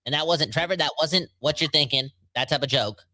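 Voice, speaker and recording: Sharp-voiced joking podcast host, dry sound. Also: male voice, a little high, fairly quick, dry recording. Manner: joking, rambling, filler-heavy. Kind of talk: casual podcast chat.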